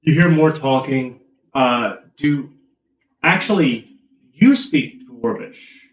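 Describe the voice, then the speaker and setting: A man running a tabletop game as game master, narrating casually with halting pauses and fillers. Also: medium pitch, animated. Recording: roomy echo, from far off.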